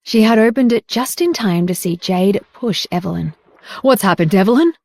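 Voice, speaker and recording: A woman reading a romance audiobook in steady scripted narration. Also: medium pitch, normal speed, gravelly, dry recording.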